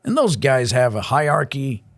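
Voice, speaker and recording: A man's voice: mid-range voice, big pitch swings, moderate pace. A man co-hosting a casual podcast, telling rambling stories. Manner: rambling anecdotal storytelling. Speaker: co-host.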